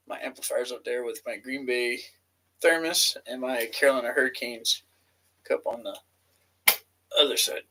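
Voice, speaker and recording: A man's voice: medium pitch, a little slow, pauses often, pushed and bright, poor audio. A man in his thirties with an ordinary mid-range voice, chatting loosely to his viewers. He rambles from one thought to the next and swears freely in a laid-back, offhand way. A faint hiss of noise sits under his voice. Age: 30s. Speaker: gaming vlogger. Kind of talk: casual rambling chat to camera.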